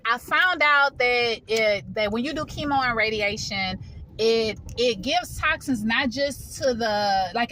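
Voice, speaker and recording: A woman vlogs from her car parked in a public area, casually telling viewers a personal story straight to camera. Her slightly high voice has a sharp tone, with a bit of background noise.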